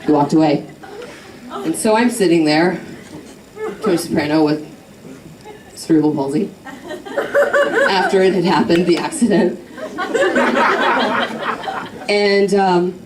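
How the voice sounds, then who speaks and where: A young woman doing stand-up comedy with deadpan, self-mocking storytelling on a comedy club stage, in a distant, echoey club recording with crowd laughter. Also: on the low side, normal speed, long pauses, heavy background noise.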